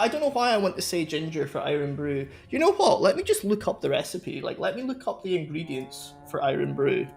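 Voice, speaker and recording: Gravelly high-voiced man streaming. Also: sing-song, a little fast, hardly any pauses, darkish tone, faint music behind. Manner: rambling, laughs often. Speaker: live streamer. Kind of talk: casual chat with viewers.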